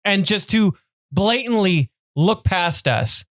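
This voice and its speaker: A man's voice: high voice, lively intonation, slow pace, a bit bright, no room sound, clean studio sound. A man co-hosting a podcast, telling a story in a laid-back way and laughing as he talks. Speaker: podcast co-host. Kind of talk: casual chat.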